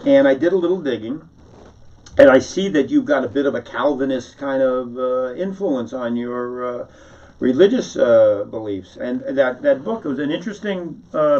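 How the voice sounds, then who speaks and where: Sarcastic man on a one-sided mock call. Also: fairly high pitch. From New York City. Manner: sarcastic, needling; rambling with many restarts. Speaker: satirical monologuist. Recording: dull, distant lo-fi recording.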